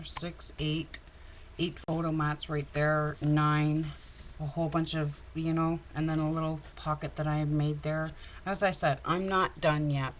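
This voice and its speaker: A woman's voice: low-pitched, a little hiss or hum. A woman chatting casually on a livestream about her crafts, rambling and openly emotional. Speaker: craft vlogger.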